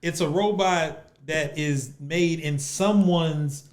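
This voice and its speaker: A man's voice: fairly high pitch, slow pace. A man hosting a casual podcast chat, laughing often and repeating words as he steers the talk. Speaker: podcast host.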